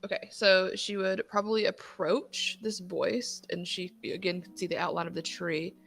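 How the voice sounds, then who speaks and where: A woman player in a tabletop game, thinking aloud, hesitant and excitable. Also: mid-range voice, moderate pace, vocal fry.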